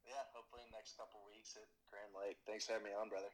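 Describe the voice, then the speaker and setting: A man's voice: lowish voice, flat delivery, rapid-fire, low-quality recording. A young man in his twenties, a podcast guest, chatting casually and thanking the host. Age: 20s. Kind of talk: casual chat.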